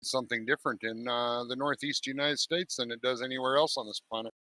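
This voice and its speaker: A man's voice: medium pitch, fairly even intonation, fast, pushed and bright, no room sound, poor audio. A man hosting a casual gaming voice chat, blunt and teasing with his friends. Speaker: streamer host. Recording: music playing underneath.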